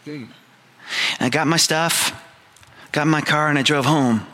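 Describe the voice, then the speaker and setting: Man, 50s, pastor, sermon, bright tone, candid, storytelling, emphatic repeats. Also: a little high, measured pace.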